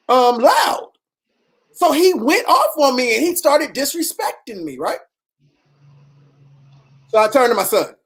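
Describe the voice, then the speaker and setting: Animated woman telling a story. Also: high-pitched. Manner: animated, preachy, repeats questions, acts out quoted people. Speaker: vlogger telling a personal story. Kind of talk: casual storytelling monologue.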